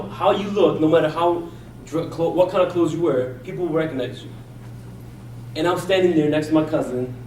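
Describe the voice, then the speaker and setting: A man from India gives a storytelling speech at a contest and acts out the voices of the people he met. His voice sits a little high and carries an echo, as if he is recorded from across a room. Faint ambience hums behind him. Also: a little mellow, recorded from a distance, slight background noise. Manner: personal anecdote with acted-out quotes. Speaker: contest speaker.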